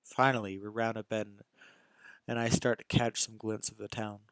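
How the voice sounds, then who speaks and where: A young man narrates a visual novel in the first person, in a fairly low voice. He reads casually, tripping over words and restarting lines as he goes. The sound is dry and close to the mic. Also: little pitch movement, moderate pace, a bit bright, smooth, no room sound. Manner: casual, stumbling reading with restarts. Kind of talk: amateur visual novel reading.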